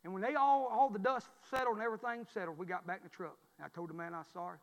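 A man, preaching a sermon through a folksy personal story that swings from loud to hushed. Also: high voice, very fast, in a large hall, highs cut off. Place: church.

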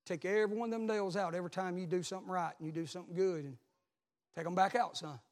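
A man, a pastor preaching a sermon, telling a story and then building to loud repeated calls. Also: high-pitched, fairly even intonation, fast.

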